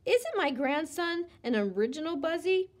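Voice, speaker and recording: Storybook figure: woman playing a soothing old grandma, high voice. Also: very animated, normal speed. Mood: gentle. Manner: soothing, gentle. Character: kind, gentle grandmother.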